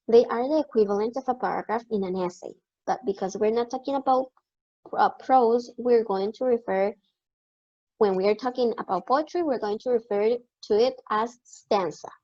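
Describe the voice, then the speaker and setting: A woman teacher giving a recorded online lecture, explaining step by step and repeating key words slowly. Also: on the high side, a little mellow. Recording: dull lo-fi recording.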